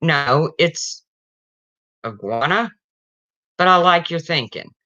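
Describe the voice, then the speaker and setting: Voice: medium pitch, expressive, slow pace, bright, forceful tone, dry recording. A livestreamer reading out a schoolteacher's lines in a joke, in a prim, patient classroom voice. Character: schoolteacher quizzing her class. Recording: dull slightly lo-fi stream audio.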